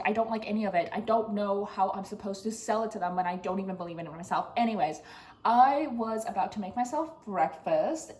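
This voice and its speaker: A woman's voice: medium pitch, a little mellow. A woman in her twenties talking casually to camera at her desk at home, ranting sarcastically about her frustrations, with sudden squeals. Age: 20s. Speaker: vlogger. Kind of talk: casual vlog chat.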